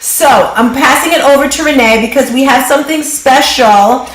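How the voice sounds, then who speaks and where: A woman hosting a live online business workshop, brisk and upbeat, giving quick directions over a video call. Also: high voice, roomy sound, low-quality recording. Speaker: workshop host and business coach.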